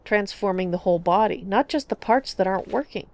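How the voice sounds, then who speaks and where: A woman's voice: medium pitch, a little fast, a little mellow, natural voice. A woman voicing a cheeky young man necromancer who talks glibly. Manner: grinning, glib.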